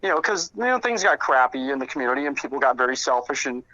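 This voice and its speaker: A man's voice: mid-range voice, very animated, fast talker, pushed and bright, dull audio. A man telling stories about an old friend in a casual interview, rambling with many fillers and restarts. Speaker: interview guest, friend recounting memories.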